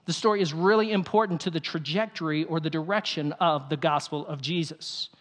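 A male pastor preaching a sermon, telling the story in an animated way with quick asides. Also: on the high side. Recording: long hall reverb.

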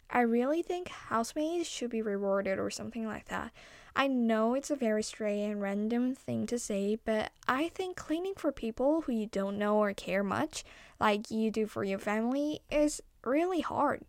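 A young woman reads a folktale aloud in a chatty, playful way, wandering into side remarks. Her voice sits a little high, and the recording is dry and close with no room echo. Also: a little mellow. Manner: chatty, self-interrupting, playful. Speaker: storyteller. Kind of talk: casual storytelling with asides.

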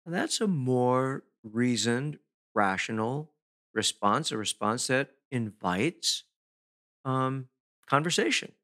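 A man giving a self-help talk in an emphatic, deliberate way, pausing to stress key words. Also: medium pitch, animated, bright, forceful tone. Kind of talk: motivational talk to camera.

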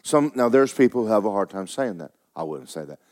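A man preaching a sermon, with folksy asides, rising loud to stress a point and dropping low to tell a story. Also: expressive, brisk. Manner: folksy preaching, rises loud for emphasis, drops low for stories. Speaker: pastor.

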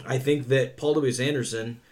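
A man co-hosting a casual podcast, opinionated and blunt, swearing freely and clearing his throat now and then. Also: mid-range voice, fairly even intonation, moderate pace, darkish tone. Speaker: podcast co-host. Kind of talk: casual chat.

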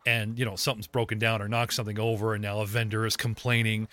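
A man's voice: fairly low pitch, level tone, fast, fairly bright tone. A man running a tabletop game as game master, joking with players and narrating scenes. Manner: jokey, puts on many character voices.

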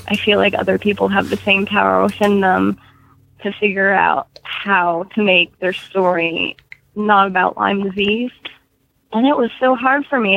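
A woman's voice: mid-range voice, vocal fry, a bit bright, slight background noise. A woman in her twenties, short of breath, chatting as a guest author on a podcast and laughing often. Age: 20s. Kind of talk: casual podcast interview. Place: home in Florida. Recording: dull lo-fi audio.

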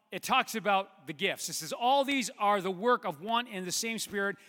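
A man in his fifties preaching a sermon, halting with fillers and restarts, then building to loud emphatic preaching. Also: sits high. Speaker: pastor. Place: church sanctuary. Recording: long hall reverb.

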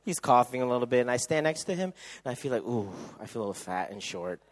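A man speaking at a youth camp, telling funny stories sermon-style and acting out other people's voices with loud shrieks. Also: medium pitch, fast talker. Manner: animated, acts out quoted voices with loud shrieks. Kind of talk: humorous sermon storytelling.

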